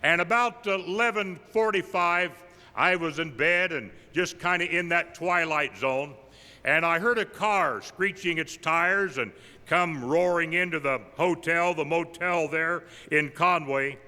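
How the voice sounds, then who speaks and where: An older man, an evangelist, tells humorous personal stories at a tribute, delivering his punchlines deadpan. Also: fairly high pitch, a little slow. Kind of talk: folksy storytelling tribute. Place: large camp meeting hall. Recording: live in a big reverberant hall.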